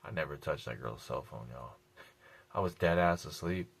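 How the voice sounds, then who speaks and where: A man's voice: very deep voice, moderate pace, gravelly, slightly rough. A man telling a personal story on his vlog, blunt and a little profane, repeating key lines for emphasis. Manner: blunt and profane, casual slang.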